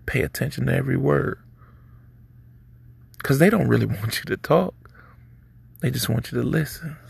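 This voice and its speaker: Male podcast host, gravelly and husky, easygoing preachy delivery. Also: medium pitch, animated, moderate pace, pauses often, no room sound. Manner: laid-back, preachy, street slang. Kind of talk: casual advice monologue.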